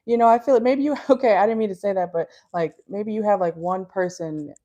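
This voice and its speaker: Sitting in her parked car, a Minnesotan woman gives a tarot reading that's casual, blunt and chatty, loaded with fillers and laughter. Her voice is mellow and medium-pitched, moving a little fast, and the recording sounds muffled.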